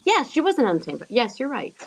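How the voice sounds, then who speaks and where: A middle-aged woman co-hosting a casual chat, telling jokes and stories with lots of laughter and quick impressions. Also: a little high, huge pitch swings, very noisy. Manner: giggly, jokey storyteller who slips into impressions. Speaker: co-host.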